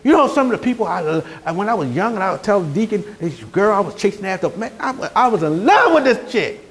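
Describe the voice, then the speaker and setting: A man preaching a sermon as pastor, telling stories with growing energy and sometimes shouting. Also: sits high, fast, few pauses. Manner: animated storytelling, rising to shouts.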